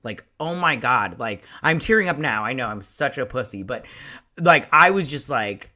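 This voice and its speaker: A man in his forties hosting a casual episode review, excitable and rambling, with a lot of swearing. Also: on the high side, normal speed. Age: 40s. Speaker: show host.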